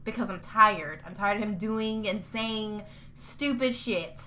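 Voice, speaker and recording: A woman's voice: mid-range voice, a little slow, sharp tone. A woman hosting a casual podcast, talking in a heated, profane rant and repeating her points for emphasis. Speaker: podcast host.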